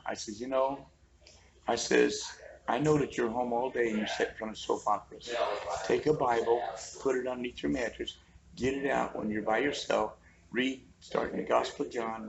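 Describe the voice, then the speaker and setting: Gravelly folksy man in his fifties. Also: mid-range voice, steady tone, a little fast, lo-fi sound, background noise. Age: 50s. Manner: joking, folksy storyteller. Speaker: interviewee. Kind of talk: casual storytelling chat. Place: roadside outdoors. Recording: crowd chatter behind.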